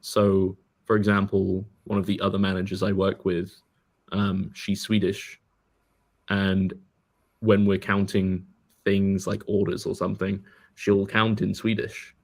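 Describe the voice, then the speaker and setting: A man's voice: deep voice, monotone, measured pace, gravelly. A man co-hosting a podcast, telling stories casually with lots of "like" and "um". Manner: loose storytelling, many "like"s. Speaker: podcast co-host. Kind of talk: casual chat.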